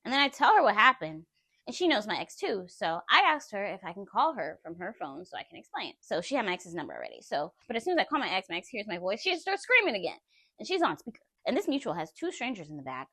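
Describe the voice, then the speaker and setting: A woman vlogger telling a personal story in an animated, emphatic way, often laughing. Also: medium pitch, fast talker, husky, no room sound.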